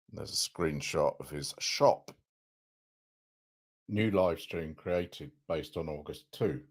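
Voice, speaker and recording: A male host with a very low voice reading out a court document, steady and plain. He moves through figures and dates in a measured way.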